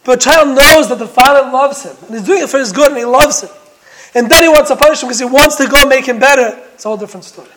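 Very high-voiced man preaching emphatically. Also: fast, background noise. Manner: emphatic, full of rhetorical questions; storytelling with dramatic repetition. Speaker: Torah teacher. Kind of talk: sermon-style Torah lesson.

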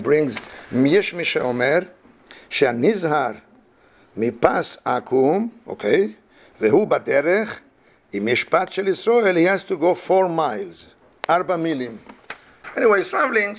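A man leads a halachic study class, his voice slightly high and gravelly. He rambles through the sources, weaving Hebrew terms into English. A faint hiss of noise sits behind him. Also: a bit bright. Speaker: Talmud class teacher.

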